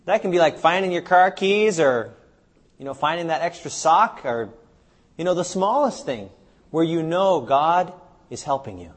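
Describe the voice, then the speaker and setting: In a live seminar recording, a man delivers a sermon packed with rhetorical questions for his audience. He speaks at a moderate pace in an expressive, slightly high voice with a breathy edge.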